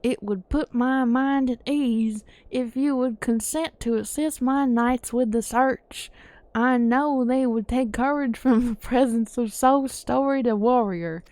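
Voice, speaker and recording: A woman's voice: on the high side, a little slow, no echo, close to an everyday voice. A woman reading as a stern noble knight commander. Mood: grave. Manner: formal, slightly slurred reading of game dialogue. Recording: soft music behind.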